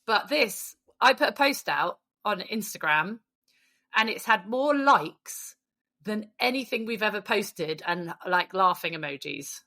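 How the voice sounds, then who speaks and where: A woman's voice: mid-range voice, expressive, sharp tone. A woman co-hosting a podcast in cheeky, sweary casual chat. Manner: cheeky, sweary, quick to laugh. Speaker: podcast co-host.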